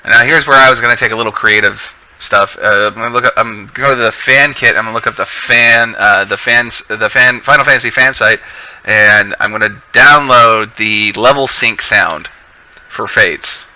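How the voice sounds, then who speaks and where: A man with a low but strikingly bright voice chats casually on a live stream while editing. He rambles and restarts mid-thought as he works through the cuts. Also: normal speed, rough recording. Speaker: video editor streaming his work.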